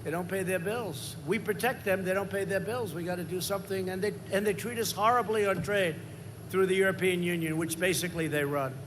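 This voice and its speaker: A man in his seventies giving a rambling, repetitive campaign rally speech, swinging into loud emphasis. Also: sits high, fairly quick, noisy background. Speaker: politician at a rally.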